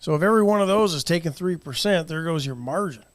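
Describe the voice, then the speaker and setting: A Texan man co-hosts a casual morning talk show from a studio, holding forth with strong opinions. His voice sits a little high for a man. The sound is close and dry, with no room around it. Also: lively intonation, no room sound. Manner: opinionated, conversational, quick to laugh.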